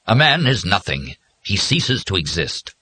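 A man voicing an elderly male machine confessor that speaks slowly and intones its advice, in an audiobook reading. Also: low voice, wildly swooping pitch, slightly rough, exaggerated voice. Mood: forceful. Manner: slow, intoning, shifting from gentle to stern.

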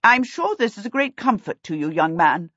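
A woman's voice: medium pitch, lively intonation, unhurried, fairly bright tone, dry recording, dull audio, voice pushed up. A woman doing a bitter, haughty princess. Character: proud, bitter middle-aged princess.

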